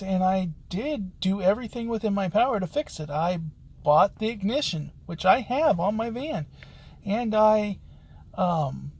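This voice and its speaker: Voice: medium pitch, a little mellow. A locksmith hosting a podcast, telling a work anecdote in a rambling, conversational way. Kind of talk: casual spoken anecdote.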